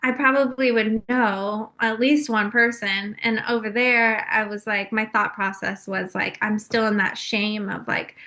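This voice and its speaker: A woman's voice: medium pitch, fairly even intonation, unhurried, hardly any pauses, pushed and bright. A young woman from California telling her personal story openly on a podcast, with frequent fillers. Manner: open and confessional, frequent fillers. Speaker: podcast guest.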